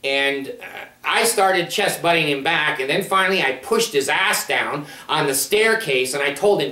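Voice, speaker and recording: An angry man telling a story as a rant, profane and animated, jumping from loud outbursts to low asides. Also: normal speed, few pauses. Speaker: video blogger. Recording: echoey room, far from mic.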